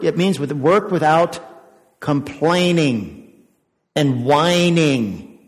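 An older male pastor gives a children's sermon in a chatty, questioning way, chuckling now and then. His voice sits a little high for a man. It rings out through a long-echoing sanctuary. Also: expressive, a little slow. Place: church sanctuary. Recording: echoey church sanctuary.

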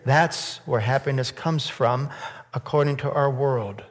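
A man's voice: mid-range voice, measured pace. Man preaching in a reverberant church. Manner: rhetorical questions, rising to loud emphatic peaks. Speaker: pastor. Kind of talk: sermon. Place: church sanctuary. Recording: long hall reverb.

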